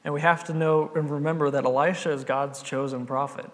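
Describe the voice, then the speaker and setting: A man's voice: fairly high pitch, steady tone, a little fast, fairly bright tone. A man preaching a sermon, retelling a Bible story in an earnest, conversational way. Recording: long hall reverb.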